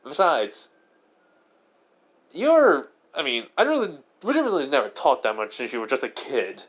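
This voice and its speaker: A man voicing a cheeky, sarcastic eighteen-year-old boy turned ice spirit, in a loud voice pitched above his own. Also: wildly swooping pitch, moderate pace. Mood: cocky teasing. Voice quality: loud, higher than his narrating voice. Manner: brash, mocking.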